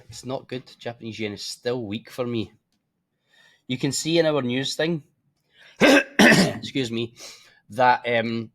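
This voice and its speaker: A tired forex trading presenter with a medium-pitched voice gives casual, blunt market commentary. He swears freely, keeps yawning, and tosses in offhand asides.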